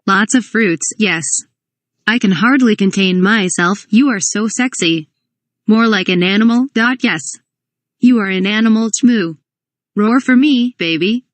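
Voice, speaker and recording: A woman's voice: mid-range voice, moderate pace, dry recording, natural voice. Woman doing a sleazy Euro-accented photographer man. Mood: leering. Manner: cheesy put-on European accent, laughing. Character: sleazy excitable male fashion photographer.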